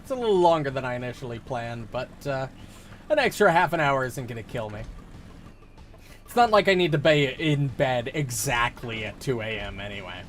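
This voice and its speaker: A man's voice: medium pitch, animated, moderate pace. Rambling young man streaming a game. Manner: rambling, self-interrupting, laughs at the game. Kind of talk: casual live gameplay chat.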